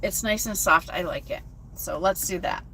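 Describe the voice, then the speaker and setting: A woman's voice: lowish voice, moderate pace, sharp tone, a little hiss or hum. A woman truck driver chatting casually on a phone live stream from her cab at a truck stop, reading viewer comments aloud.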